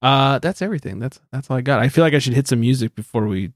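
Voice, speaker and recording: Lively-voiced podcast host, joking and profane. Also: male voice, medium pitch, quick pace, no echo. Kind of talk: casual podcast chat with a countdown list.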